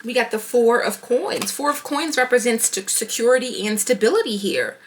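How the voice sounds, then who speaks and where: High bright woman doing a tarot reading, talks to herself over the cards, bit of hiss behind. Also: moderate pace. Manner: animated, talking to herself while pulling cards. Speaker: tarot reader.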